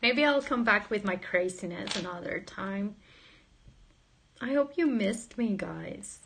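A woman's voice: medium pitch, expressive, unhurried, gravelly, fairly bright tone, a little hiss or hum. A woman casually chatting on a livestream, playful and giggly, joking with viewers and reading their comments aloud. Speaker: livestream host.

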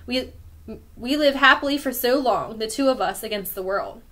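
Coaxing cold old queen, storybook villain, woman reading it, kinda high. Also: moderate pace, pushed and bright. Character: calm, cold old wicked queen grandmother.

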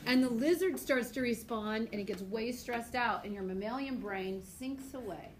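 A woman's voice: on the high side, normal speed, echoey room. A woman teaching a biology class, lecturing casually and acting out little voices and stories with frequent laughter. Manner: lively, acts out voices and laughs often. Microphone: tablet screencast mic.

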